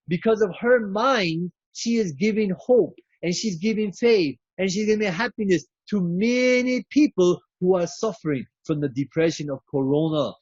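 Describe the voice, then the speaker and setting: A high-pitched man delivering a preachy, inspirational keynote, emphatic and drawn out. His voice sounds dry and close, on a dull, lo-fi recording. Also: darkish tone, husky, dry recording. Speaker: keynote speaker.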